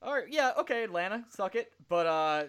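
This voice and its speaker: A man co-hosting a podcast in casual sports chat, agreeable and quick to react and laugh along. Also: sits high, animated, a bit bright, clear, resonant tone. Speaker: podcast co-host.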